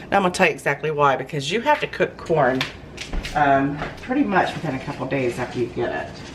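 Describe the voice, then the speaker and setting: Very low-voiced woman cooking. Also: sing-song, a little fast, noisy background. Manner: chatty, folksy, gushes over food. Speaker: home cooking vlogger. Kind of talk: casual cooking chat to camera. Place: home kitchen. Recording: kitchen clatter of pots and dishes.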